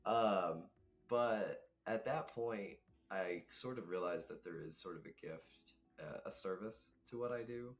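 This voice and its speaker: A man's voice: deep voice, unhurried. A young man, a guest telling rambling, reflective stories in casual chat. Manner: rambling, reflective, laughs often.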